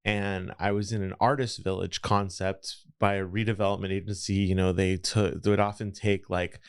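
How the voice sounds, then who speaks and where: Clean studio audio with no room sound carries a deep, smooth, level-toned voice at a moderate pace. The speaker, a man from the Los Angeles area, tells his story reflectively and ramblingly as a podcast guest in a casual interview.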